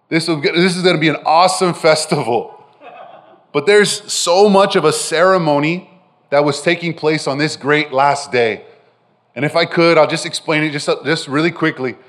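A man delivering a sermon in a slightly high voice, animated and direct with his listeners. He checks in with them often and swings between loud emphasis and soft, close phrases. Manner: addresses listeners directly with frequent "right?". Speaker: pastor.

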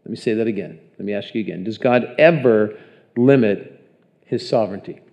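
A man's voice: fairly low pitch, fairly quick, gravelly, warm tone, muffled recording. A man preaching a sermon in a conversational way, often putting questions to the congregation. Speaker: pastor.

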